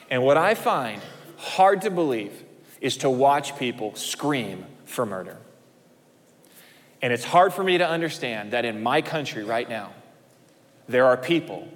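A male pastor preaching a sermon, swinging his emphasis up and dropping low at the ends of phrases. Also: in a large hall.

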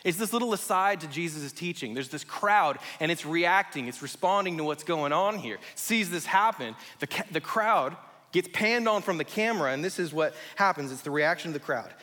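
A man's voice: on the high side, normal speed. A man in his thirties preaching a sermon, explaining scripture and telling stories with acted-out quotes. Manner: animated storyteller, acts out quotes. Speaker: pastor. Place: church sanctuary. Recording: long hall reverb.

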